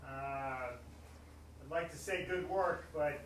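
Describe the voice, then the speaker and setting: A man performing improvised comedy as a gruff rink manager who blusters and shouts. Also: on the high side, takes it slowly. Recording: echoey stage, far mic, faint noise.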